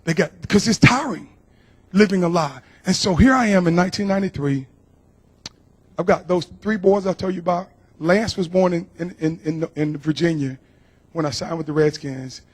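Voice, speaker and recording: Husky middle-aged man giving earnest testimony. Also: sits high, moderate pace. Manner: earnest, emotional storytelling with repeated phrases. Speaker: guest speaker. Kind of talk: personal testimony to a church. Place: church.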